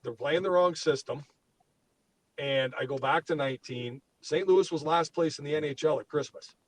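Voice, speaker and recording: A man's voice: fairly high pitch, moderate pace, low-quality recording. A man co-hosting a sports podcast, ranting heatedly and swearing as he gets worked up. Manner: fired up, swears freely, ranting. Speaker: podcast co-host.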